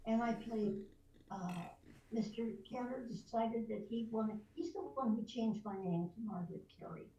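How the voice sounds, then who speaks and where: An older veteran voice actress, a podcast guest, telling lively anecdotes and slipping into voices. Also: female voice, fairly high pitch, normal speed, lo-fi sound. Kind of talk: storytelling in a podcast interview. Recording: roomy distant mic, faint noise.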